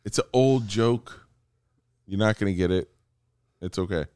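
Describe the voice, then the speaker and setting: A man co-hosting a podcast, loud and laughing, swinging between shouts and low mutters in crude banter. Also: measured pace, smooth, no room sound, clean studio sound. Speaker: podcast co-host.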